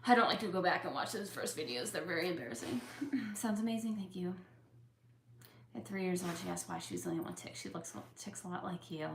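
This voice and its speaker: A woman's voice: fairly low pitch, lively intonation, a little fast, creaky, background noise. Chatty young woman in an echoey room. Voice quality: tics. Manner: chatty, with fillers, openly emotional. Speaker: YouTuber answering viewer questions. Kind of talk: casual Q&A chat. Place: home room with a couch.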